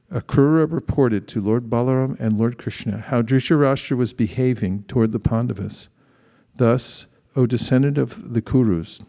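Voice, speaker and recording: A man leading a scripture study class, reading a passage aloud and then asking thoughtful questions, often pausing to rephrase. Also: mid-range voice, gravelly, mellow. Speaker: class leader.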